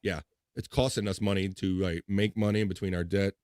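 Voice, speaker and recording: A man's voice: deep voice, steady tone, fairly quick, a little mellow, no echo, studio quality. Jokey man reading chat on a live stream. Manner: laughs often, jokey, reads chat comments aloud. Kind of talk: casual banter.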